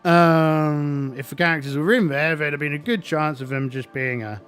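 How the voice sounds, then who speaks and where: Man running a solo game, high, animated voice, halting narration over faint music. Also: smooth. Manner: rambling, stop-start with many fillers. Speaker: game master.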